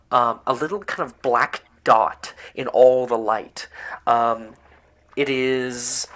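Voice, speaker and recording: Male game master, slow unhurried pacing, halting fillers, casual tabletop narration. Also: medium pitch, pushed and bright.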